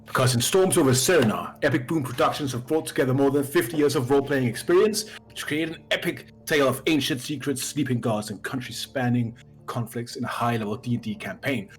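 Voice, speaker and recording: A man's voice: mid-range voice, a little fast, soft background music. A man hosting a tabletop role-playing stream as dungeon master, moving from dramatic storytelling to playful banter with his players.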